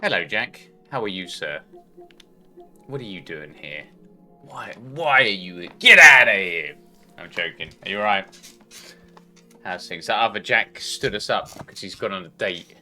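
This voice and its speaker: A man's voice: sits low, moderate pace, long pauses, bright, forceful tone, soft background music. A man livestreaming a game, chatting casually in a rambling, sweary way at a home desk mic. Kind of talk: casual chat while gaming.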